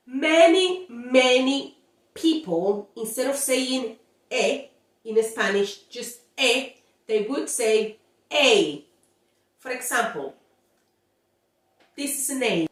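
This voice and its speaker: Female language teacher, unhurried and demonstrative, high-ish voice, roomy recording. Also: expressive, distant mic. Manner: slow, drawn-out demonstrations of sounds, playful scolding. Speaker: Spanish teacher. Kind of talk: pronunciation lesson.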